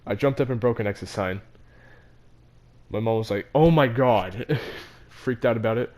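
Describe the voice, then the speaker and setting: A teenage vlogger casually tells a story from his own life, laughing between phrases and stumbling over his words. His voice is fairly low, steady, brisk, and a little mellow.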